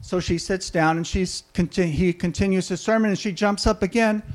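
A man delivers a sermon in a high-pitched voice. He keeps it conversational and often turns to his listeners with questions. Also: steady tone, brisk, darkish tone. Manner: conversational, asks the audience questions. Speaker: preacher.

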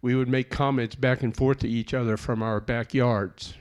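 A man's voice: mid-range voice, fairly even intonation, moderate pace, clean tone. A man telling a personal testimony in an earnest, plainspoken storytelling way. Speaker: speaker giving a personal testimony.

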